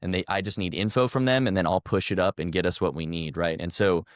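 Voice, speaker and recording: A man's voice: deep voice, fairly even intonation, fast, no room sound, clean studio sound. A man in his thirties, a former army officer, telling an earnest, reflective story as a podcast guest.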